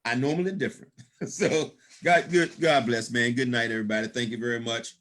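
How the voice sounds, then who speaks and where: A man's voice: mid-range voice, fairly even intonation, fairly quick, fairly bright tone. A man giving a motivational storytelling talk at a business event, laughing often and calling out praise in a folksy, preacher-like way. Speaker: guest speaker at a business opportunity event.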